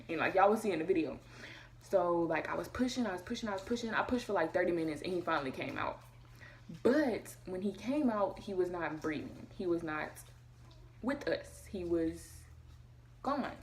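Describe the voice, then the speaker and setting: Fast-talking young woman vlogger, lowish voice. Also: slight background noise. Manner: fast, emotional retelling, acting out quotes. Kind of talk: casual storytelling to camera.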